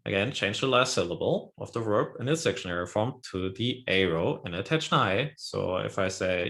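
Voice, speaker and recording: A man's voice: on the low side, animated, normal speed, gravelly, hardly any pauses, a bit bright. A man teaching a language lesson, explaining patiently step by step and often checking in with his student. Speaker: Japanese teacher.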